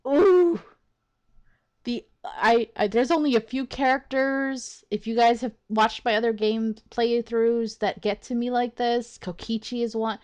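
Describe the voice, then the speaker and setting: A woman's voice: on the high side, flat delivery, measured pace, few pauses. A woman hosting a let's play of a visual novel, giving casual, exasperated commentary with frequent swearing and laughter.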